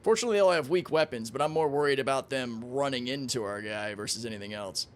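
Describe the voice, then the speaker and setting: A young man streaming a space game, chatting casually with his viewers, excitable and swearing freely. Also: medium pitch, quick pace. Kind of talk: casual livestream commentary.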